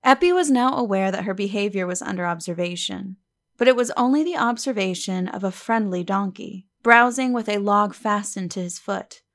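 A woman narrating a classic novel as an audiobook, in measured, even storytelling. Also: medium pitch. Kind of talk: scripted narration.

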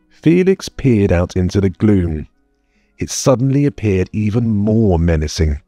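A man narrating a fantasy audiobook in a measured storytelling manner. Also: lowish voice, very animated, mellow, no room sound. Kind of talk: scripted narration. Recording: dry close mic, faint music bed.

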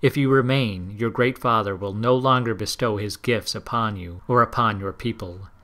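A man reading the part of a male government agent who speaks calmly and formally. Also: lowish voice, moderate pace, natural voice. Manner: calm, formal, official.

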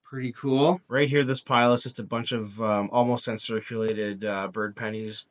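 A man co-hosting a coin video, casually showing his finds with frequent pauses and fillers. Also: medium pitch, fairly even intonation. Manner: easygoing, with frequent ums and uhs. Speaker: co-host. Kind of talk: casual show-and-tell narration.

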